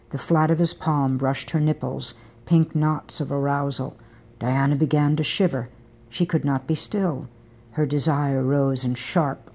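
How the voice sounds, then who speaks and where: A woman narrating a romance novel in a soft, intimate reading style. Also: deep voice. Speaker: audiobook narrator.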